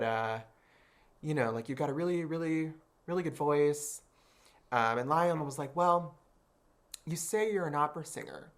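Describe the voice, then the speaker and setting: Chatty man retelling an audition. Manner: expressive, acts out quoted voices with big pitch jumps; chatty, many "I was like" and "like" fillers. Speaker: interview guest. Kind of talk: animated storytelling.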